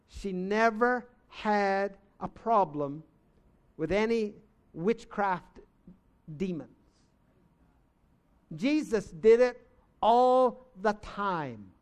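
A man preaching a sermon, telling a story slowly and earnestly and rising to emphatic outbursts. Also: high-pitched, animated. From United States. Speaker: pastor.

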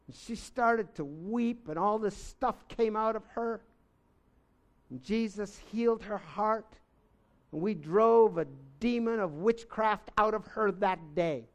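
Slow-speaking high-voiced male preacher. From United States. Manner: slow, earnest storytelling with emphatic outbursts. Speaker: pastor. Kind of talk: sermon storytelling.

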